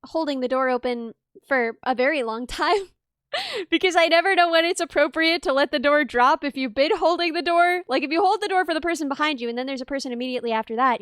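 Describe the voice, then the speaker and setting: High-voiced woman with crisp diction. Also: fairly bright tone, no echo, clean studio sound. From Midwest US. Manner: playful, articulate, crisp diction. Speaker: streamer guest. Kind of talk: casual chat on a livestream.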